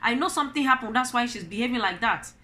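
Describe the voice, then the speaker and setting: A woman's voice: fairly high pitch, lively intonation, quick pace, sharp tone. A middle-aged Nigerian woman and mother, talking to camera in an opinion vlog, telling stories animatedly and asking rhetorical questions. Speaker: vlogger, mother.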